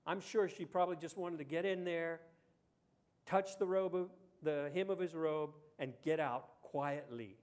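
A man's voice: a little slow, darkish tone. A man preaching a sermon in a conversational way, asking the audience rhetorical questions and acting out the voices he quotes. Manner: acts out quoted voices with pitch jumps. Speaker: pastor.

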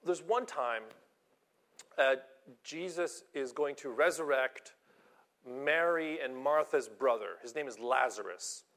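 A man's voice: mid-range voice, slow pace, fairly bright tone. A man preaching a sermon earnestly, acting out the voices he quotes and often repeating himself.

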